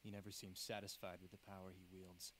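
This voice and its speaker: A man's voice: low-pitched, level tone, brisk, a bit bright, a little hiss or hum. An actor playing a dutiful young male ninja heir, speaking composed, formal lines in a video game cutscene. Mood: earnest.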